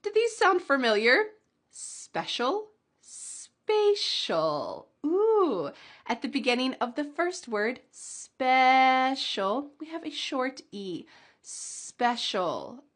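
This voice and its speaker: Woman, pronunciation teacher; slightly high voice, slow deliberate delivery, crisp enunciation of each word. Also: sing-song, a bit bright. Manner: slow, clearly enunciated demonstrations with light laughs. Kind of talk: pronunciation lesson.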